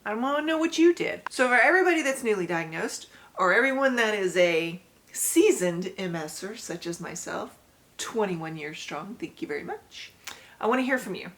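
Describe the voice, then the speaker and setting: A woman's voice: mid-range voice, lively intonation, moderate pace, fairly bright tone. Chatty woman telling her story laughing. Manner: chatty, laughs often, speaks directly to viewers. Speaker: channel host sharing her story. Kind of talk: casual storytelling to camera.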